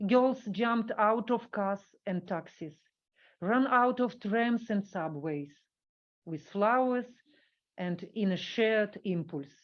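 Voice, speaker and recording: Woman reading a paper aloud, lo-fi. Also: mid-range voice. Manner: reads from a script, halting when speaking off the cuff. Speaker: workshop speaker.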